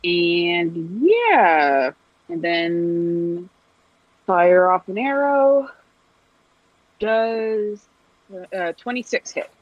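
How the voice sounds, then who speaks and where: A woman playing in a tabletop game, hesitant and counting dice out loud. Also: on the low side, very animated, extremely slow, pauses often, no room sound, highs cut off. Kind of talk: casual chat.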